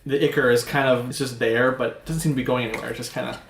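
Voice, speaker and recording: A man narrating as game master of a tabletop game, with slow, searching descriptions full of restarts. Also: medium pitch, steady tone, gravelly, a bit bright. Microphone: older home recording setup. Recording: echoey room, faint noise.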